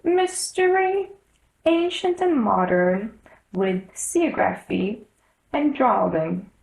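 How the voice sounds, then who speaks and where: A woman voicing a sad, sighing male Mock Turtle in a storybook reading, in a high, wavering, mournful voice. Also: big pitch swings, slow, gravelly, darkish tone, echoey room, full character voice, low-quality recording.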